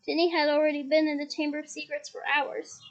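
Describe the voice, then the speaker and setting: A woman reading a novel aloud in a steady storytelling manner with small restarts. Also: high-pitched, fast talker, highs cut off. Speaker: reader.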